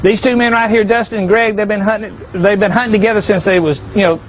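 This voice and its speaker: High-voiced man telling hunting tales. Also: steady tone, fast, a little hiss or hum. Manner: folksy, asks the crowd rhetorical questions, joking. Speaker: hunting seminar speaker. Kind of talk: folksy storytelling talk to a live audience.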